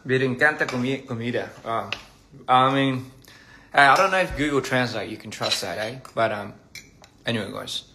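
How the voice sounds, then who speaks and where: A man casually chatting on a phone livestream over a meal, halting and repeating words and laughing at his own slips. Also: mid-range voice, background noise. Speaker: livestream host. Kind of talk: casual livestream chat while eating. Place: indoors at a meal table.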